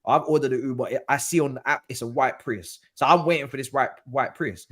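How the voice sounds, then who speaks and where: A man telling a story as a guest in a casual chat, slangy and animated. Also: a little fast, breathy edge. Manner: animated, slangy storyteller with lively pitch swings. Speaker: podcast guest.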